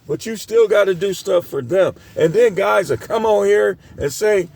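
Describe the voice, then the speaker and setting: A middle-aged man delivers a blunt, scolding rant to camera. His voice sits high for a man and has a rough, gravelly edge. He lectures his listeners in a preachy, no-nonsense way. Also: moderate pace, a little mellow, a little hiss or hum. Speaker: dating commentator. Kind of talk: ranting commentary to camera.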